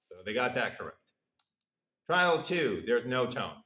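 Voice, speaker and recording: A man's voice: mid-range voice, sing-song, a little slow, bright, forceful tone. A man giving a university lecture, explaining step by step in a playful way and dropping his voice to act out the test subjects' replies. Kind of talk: classroom lecture. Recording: roomy echo.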